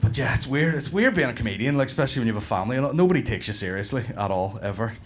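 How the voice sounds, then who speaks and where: Man, Northern Irish accent, thirties, stand-up comedian, club stage, swearing, lively storytelling. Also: medium pitch, rapid-fire.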